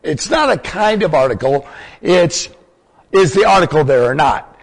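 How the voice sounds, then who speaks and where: An older man delivers a sermon-style teaching in a slightly high, animated voice at a moderate pace. He explains things like a teacher and keeps quizzing his listeners with questions, all carried by a long hall reverb.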